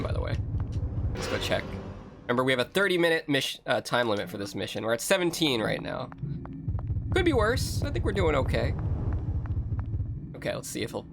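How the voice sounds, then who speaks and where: A man's voice: medium pitch, creaky, background noise. A man streaming a horror video game, joking and chatting to his viewers as he plays. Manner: animated, joking, talks to chat. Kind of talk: let's-play commentary. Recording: game music under voice. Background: game music.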